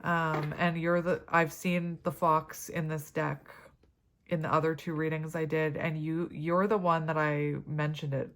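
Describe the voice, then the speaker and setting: A woman's voice: deep voice, level tone, measured pace. A woman giving a tarot reading to camera, chatty and rambling, with many fillers and side stories. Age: adult parent. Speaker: tarot reader.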